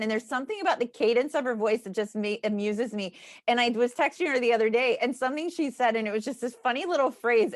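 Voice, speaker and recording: A woman's voice: fairly high pitch, dry recording, clean studio sound. A woman co-hosting a book club, chatting casually, laughing often and trailing off mid-sentence. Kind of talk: casual chat.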